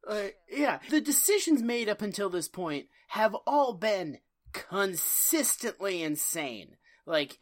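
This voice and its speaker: Lady podcast cohost ranting about a tv show, swears, voice jumps all over. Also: fairly low pitch. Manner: emphatic, swearing, exaggerated comic delivery. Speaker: podcast co-host. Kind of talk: casual podcast chat.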